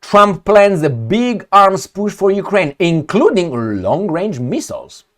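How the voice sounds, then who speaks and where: A man's voice: sits high, sing-song, slow, a bit bright. A man giving ranting commentary on news clips, blunt, profane and sarcastic. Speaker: political commentator.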